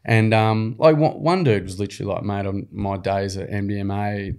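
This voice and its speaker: A man's voice: fairly low pitch, moderate pace, smooth. A young adult Australian man, a podcast guest, telling stories in casual, slangy, earnest chat. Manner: earnest, slangy, animated storytelling. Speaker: podcast guest, program founder. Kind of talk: casual storytelling.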